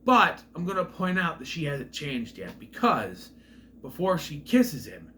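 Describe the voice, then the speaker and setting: A man giving a casual, rambling recap of a film's plot, with restarts and asides, who sometimes acts out characters' lines in loud voices. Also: a little high, huge pitch swings, measured pace, a little hiss or hum. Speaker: film reviewer.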